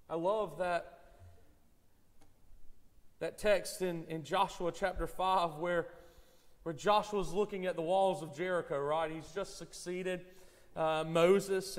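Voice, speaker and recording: A male pastor preaches to his congregation with earnest conviction, often doubling back on his words before pressing on. His voice sits high for a man. The church around him rings with a long reverb. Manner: earnest, repeats words when starting phrases. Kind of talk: sermon. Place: church sanctuary.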